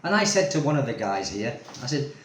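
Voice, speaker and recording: A man's voice: medium pitch, very animated, a little fast. A man vlogging as an expat, ranting casually to camera in a rambling, exasperated way full of tag questions. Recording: echoey room.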